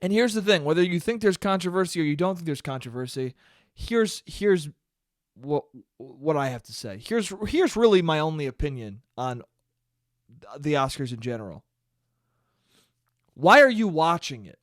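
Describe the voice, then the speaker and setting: A young man rants alone into his podcast mic, swearing freely and turning to his listeners with "dude." His voice sits fairly high. The sound is dry and close, with no room echo. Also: moderate pace. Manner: profane, animated, talks to listeners as "dude". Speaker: podcast host. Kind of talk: solo podcast rant. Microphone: studio mic he checks the levels on.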